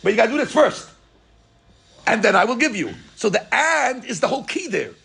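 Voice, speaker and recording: Animated high-voiced gravelly rabbi. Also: male voice, fairly quick. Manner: animated, joking, acting out dialogue. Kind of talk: Torah class lecture.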